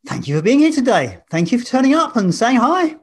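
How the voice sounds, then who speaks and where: A man's voice: very high voice, very animated, fairly quick, breathy edge. A middle-aged man hosting an interview in a jovial way, laughing often as he asks questions. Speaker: host. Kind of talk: conversational interview.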